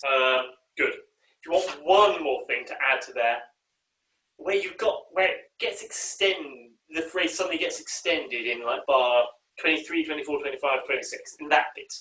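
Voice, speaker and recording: A man running an online choir rehearsal keeps pausing with ums and uhs as he sings and speaks brief musical phrases to demonstrate them. He sounds bright and forceful with a voice on the high side, recorded on a video call in an echoey room far from the mic.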